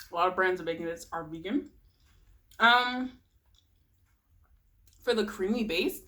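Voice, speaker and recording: A young woman talks to her camera while she eats, rambling about her cooking and dropping soft murmurs between bites. Her voice sits at a middle pitch for a woman, and she breaks into easy giggles as she goes. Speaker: vlogger. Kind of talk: casual mukbang chat.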